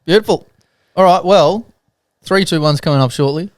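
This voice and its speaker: Man with quick, joking chirps. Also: fairly high pitch, no room sound, clean studio sound. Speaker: podcast co-host. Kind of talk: casual chat.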